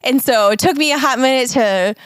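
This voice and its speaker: This U.S. co-host has a high, smooth voice and talks briskly on a casual podcast. Her manner is sincere and thoughtful, broken up by occasional laughter, and the audio is dry.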